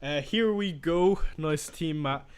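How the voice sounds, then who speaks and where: A man's voice: fairly high pitch, takes it slowly, clear, resonant tone. A young man chatting casually on a live stream, reading out and answering viewer questions as he goes.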